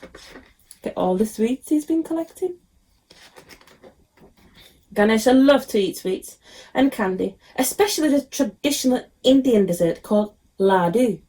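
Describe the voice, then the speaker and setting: A woman teacher reads a picture book aloud to young pupils, her voice fairly high and lively, swooping up and down in pitch. She stops now and then with an um as she turns to the class. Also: unhurried, long pauses. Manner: expressive storybook reading, frequent ums. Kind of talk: reading a picture book to children.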